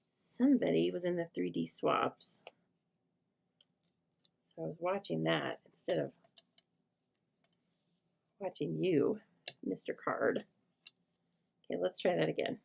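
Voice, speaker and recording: Brief: middle-aged woman host, low gravelly voice, casual step-by-step craft teaching. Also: slow, long pauses, a little mellow, slight background noise. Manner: chatty, teaching step by step, breaks off to talk to her dog. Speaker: host of live stamping show. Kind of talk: live crafting demonstration.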